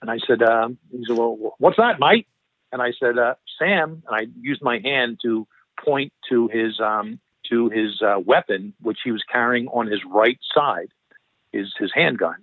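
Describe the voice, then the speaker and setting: A man's voice: medium pitch, normal speed, dry recording. A middle-aged man with a Philadelphia accent, a guest telling long stories in a rambling way, often correcting himself mid-sentence. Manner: rambling, frequent restarts and self-corrections. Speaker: interview guest, former FBI profiler. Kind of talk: long anecdotal storytelling. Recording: tinny phone-line sound, dry.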